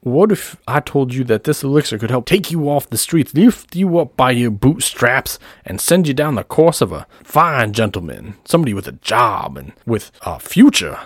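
A man voicing a fast-talking male snake-oil doctor who barks his sales pitch and bosses people around. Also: big pitch swings, breathy edge, no echo, clean studio sound. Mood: showman pitch. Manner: booming carnival barker pitch, bossy and sly.

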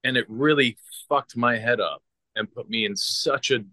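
Earnest man caller, halting delivery, bright forceful tone. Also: medium pitch, no room sound. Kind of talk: personal storytelling on a video call. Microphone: video call.

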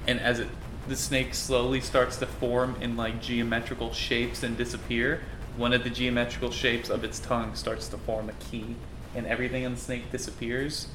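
A man's voice: mid-range voice, little pitch movement, normal speed, noisy background. A man narrating a tabletop game as game master in a loose, casual way. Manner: casual, loose, puts on crowd voices.

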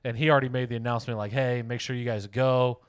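A man in his thirties telling a story in casual podcast chat, animated and swearing freely, acting out the other people in it. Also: mid-range voice, fast, clear, resonant tone, dry recording, studio quality. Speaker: podcast co-host.

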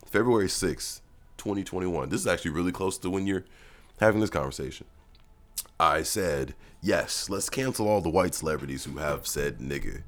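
A very deep, low-pitched man's voice talking in an unhurried, laid-back way. He co-hosts a casual podcast chat, swearing freely and breaking into laughter now and then. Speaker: podcast co-host.

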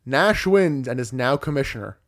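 A man's voice: mid-range voice, lively intonation, moderate pace. A man co-hosting a casual podcast, recapping wrestling matches play by play with wry asides. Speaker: podcast co-host.

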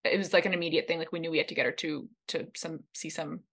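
A Canadian woman co-hosting a casual podcast, chatting along with plenty of fillers. Her voice is on the low side. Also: fairly even intonation, fast talker, fairly bright tone. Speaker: podcast co-host.

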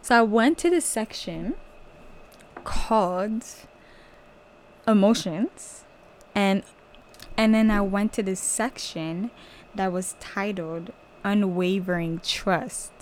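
A young woman whose first language is French tells a personal testimony on her podcast. She talks casually, leaning on "like" and acting out her own reactions, her voice leaping high in the excited moments. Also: slow, long pauses, slight background noise. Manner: animated storytelling, many "like" fillers, voice jumping up when excited. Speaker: podcast host.

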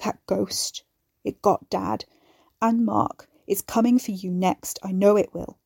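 A woman's voice: medium pitch, slow pace, creaky, darkish tone, slightly rough, no echo, studio quality, heavily acted. A woman reading a grief-broken grown man. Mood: pleading. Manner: broken, gasping, pleading. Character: distraught grown man, grief-stricken and pleading.

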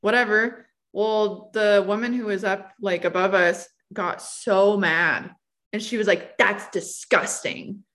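A woman's voice: medium pitch, fairly even intonation, measured pace, a bit bright. A young woman, a photographer and guest, telling stories in an easygoing way with lots of fillers. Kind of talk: casual storytelling.

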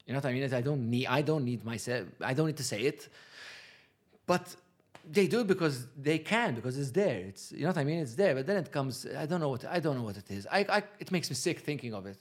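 A man's voice: medium pitch, expressive, fast. A man talking as a podcast guest, rambling and laughing often, restarting his sentences as he recalls family Christmas habits. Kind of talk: casual chat.

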